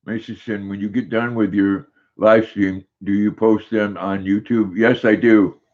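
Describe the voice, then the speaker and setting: An older man with a fairly low voice hosts a relaxed livestream. He reads viewers' comments aloud and greets each person by name in an unhurried, easygoing way. The sound is dull and lo-fi, like a home stream. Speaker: livestream host.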